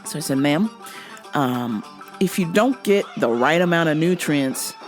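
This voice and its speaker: A woman's voice: sits low, a little slow, music in the background. A woman hosting a show in a casual comedic monologue, profane and often laughing. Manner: animated, profane, laughing a lot. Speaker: show host.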